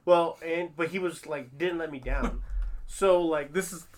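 A man from Long Beach telling stories in a loose, animated casual chat, full of fillers and restarts. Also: a little high, unhurried. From Long Beach, California. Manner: animated storyteller, many fillers.

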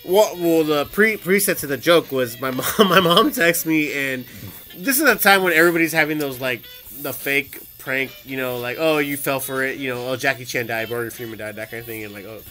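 A man's voice: medium pitch, brisk, sharp tone, faint music behind. A man hosting a podcast and telling a comic story in casual talk, swearing and acting out the voices of the people in it. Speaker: podcast host.

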